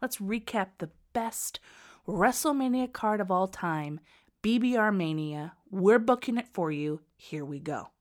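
A woman in her thirties hosting a podcast, bubbly and laughing, swinging from loud to soft. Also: medium pitch, animated, a little slow. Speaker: podcast host.

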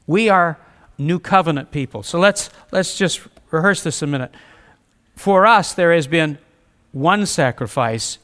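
A man's voice: fairly high pitch, fairly bright tone, clean tone. A man preaching a sermon, reading scripture aloud and speaking earnestly with repetition for emphasis. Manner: reads scripture aloud, conversational asides.

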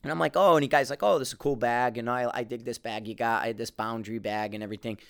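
Rambling, fast-talking East Coast man. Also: mid-range voice, vocal fry, clean tone. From Connecticut, US East Coast. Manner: rambling, animated storytelling with frequent cursing and restarts. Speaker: podcast host. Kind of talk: casual monologue.

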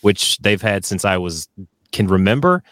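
A man's voice: lowish voice, big pitch swings, moderate pace, fairly bright tone, no echo, studio quality. A man co-hosting a talk show, chatting in an easygoing, joking way. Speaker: podcast co-host. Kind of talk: casual chat.

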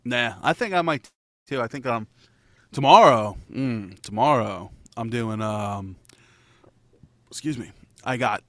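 A man's voice: medium pitch, measured pace, pauses often, fairly bright tone, no echo, clean studio sound. A man in casual chat, telling a rambling, profanity-laced story and laughing between lines.

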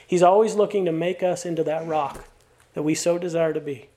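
A man's voice: fairly high pitch, fairly even intonation, fairly quick, mellow. A middle-aged male pastor preaching a sermon, mixing stories told with playful asides and earnest encouragement.

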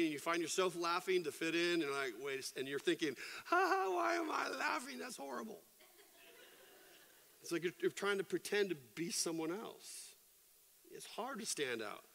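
A middle-aged man preaches in a large church hall, his voice sitting a little high for a man. He tells stories with animated energy, acting out sound effects and quoted voices. A long reverb trails behind every phrase. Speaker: pastor. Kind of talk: sermon.

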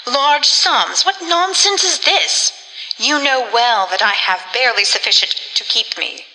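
Woman doing a grim stingy old lady, sharp bright tone, whispery at times, long reverb. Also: on the high side, moderate pace. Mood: exasperated. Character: miserly older woman, harsh and grim.

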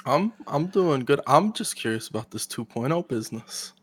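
A man's voice: medium pitch, animated, normal speed, husky, no room sound. A man co-hosting a casual gaming podcast, laid-back and teasing. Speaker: podcast co-host.

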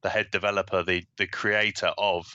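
A man speaking as a podcast guest, eager and halting, with many repeated words. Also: sits low, flat delivery, pushed and bright, no room sound, highs cut off. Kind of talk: casual podcast chat.

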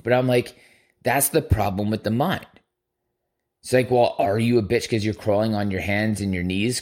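A man with a lowish voice tells a rambling story on his podcast. He swears constantly and voices his own thoughts as quotes, in loose, conversational talk. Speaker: podcast host. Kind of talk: casual storytelling monologue.

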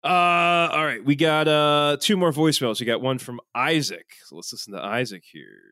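Rambling Philly podcast host, dry mic. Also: male voice, a little high, normal speed, pushed and bright, no room sound. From Philadelphia, USA. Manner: rambling, swearing, with many filler sounds. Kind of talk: casual podcast banter.

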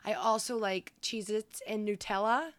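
A woman co-hosting a podcast in casual chat, loud and quick to swear and laugh. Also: medium pitch, steady tone, no echo. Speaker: podcast co-host.

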